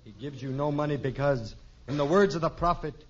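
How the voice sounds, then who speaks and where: A man's voice: on the high side, brisk, muffled recording, natural voice. A man playing a pompous young prince with florid, mock-grand speech in a 1940s radio comedy, on a hissy old broadcast.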